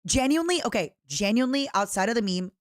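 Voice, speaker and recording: A woman's voice: on the high side, expressive, fast, no echo, studio quality. A woman from Eastern Europe streaming, chatting playfully with her chat and often breaking into giggles. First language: French-schooled, non-native English.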